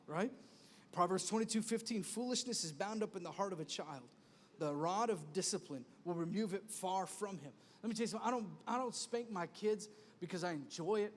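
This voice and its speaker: A man in his thirties preaches in a high, animated voice, returning again and again to a repeated refrain. He talks to the congregation in a conversational way. His voice rings with the long reverb of a large church hall. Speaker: pastor. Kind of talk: sermon.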